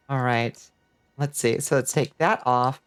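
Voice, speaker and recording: A woman's voice: extremely low pitch, clean tone. A woman streaming a video game, chatting casually with her viewers, laughing often and thanking them as she plays.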